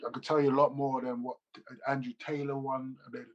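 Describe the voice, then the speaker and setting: A man, a former footballer, telling animated, slangy stories as an interview guest over a video call. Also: mid-range voice, a little fast, highs cut off. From England. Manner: animated, loose slangy storytelling with repeats. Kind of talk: casual interview storytelling.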